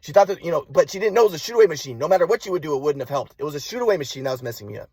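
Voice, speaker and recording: Young man with a cold, husky and high for a man, rambling monologue with restarts. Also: animated, darkish tone, no echo. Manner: repetitive, halting restarts. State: has a cold. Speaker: vlogger.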